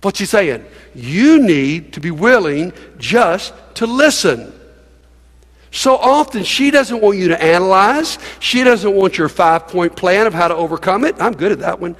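A man's voice: sits high, animated, unhurried, big-room sound. A man pastor preaching a sermon in a church, emphatic and folksy, coaxing the congregation to join in. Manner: emphatic, folksy, with laughs and audience prompts.

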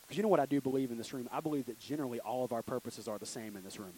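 A man's voice: medium pitch, fast, few pauses, a little hiss or hum, low-quality recording. A young man preaching a casual, joking youth sermon in a church room, acting out little voices. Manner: animated, joking, acts out voices. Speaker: youth pastor.

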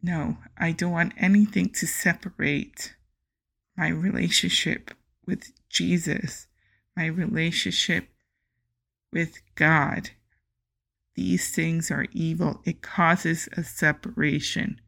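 Woman podcast host, low gravelly voice, slow impassioned delivery. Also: fairly even intonation, a bit bright. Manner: impassioned, reads scripture slowly and emphatically. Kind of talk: earnest faith podcast monologue.

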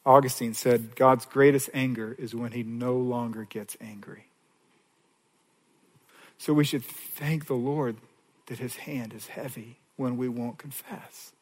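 A male pastor delivering a sermon, moving between hushed pleading and raised, emphatic preaching. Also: medium pitch, steady tone, a little slow. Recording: long hall reverb.

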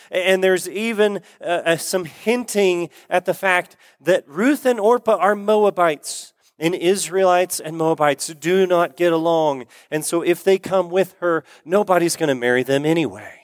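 A man's voice: high-pitched, measured pace, few pauses, no echo, studio quality. A man preaching a sermon in a conversational, storytelling way, asking the listeners questions.

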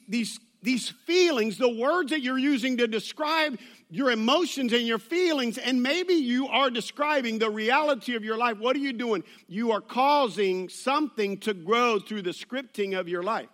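A man's voice: extremely high pitch, unhurried, a bit bright. A man preaching a sermon in a church, conversational with joking asides and rambling restarts. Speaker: pastor.

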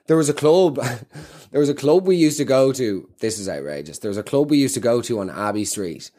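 A man's voice: medium pitch, lively intonation, a little fast, mellow. A man with a South Dublin Irish accent doing rambling, self-mocking stand-up comedy with plenty of swearing. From Ireland.

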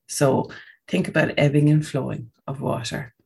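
Woman, low husky voice, coaching on breathing, keeps saying okay. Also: fairly even intonation, normal speed, dark tone. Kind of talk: casual podcast talk.

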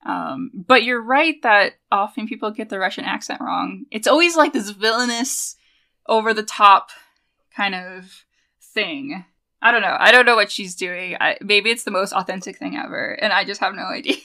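A woman's voice: mid-range voice, moderate pace, pushed and bright. A woman co-hosting a podcast, chatting casually and animatedly, laughing often and trailing off mid-thought. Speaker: podcast co-host. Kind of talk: casual chat.

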